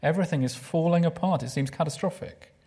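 A man's voice: on the high side, quick pace, slightly rough. Man preaching a sermon. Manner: expressive, drops to a hushed voice for emphasis; asks the listeners rhetorical questions.

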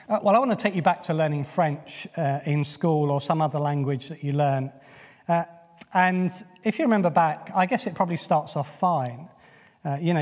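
A male preacher from England gives a sermon in an easy, conversational manner, dropping frequent "uh"s as he goes. His voice sits a bit high for a man. The sound carries the long reverb of a church hall. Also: a little mellow. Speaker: pastor.

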